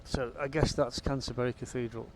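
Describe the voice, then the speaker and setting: A man's voice: medium pitch, fairly even intonation, a little fast, slight background noise. A man giving casual, rambling commentary while flying a helicopter in a VR game, with wry asides. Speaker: gamer flying a VR helicopter sim.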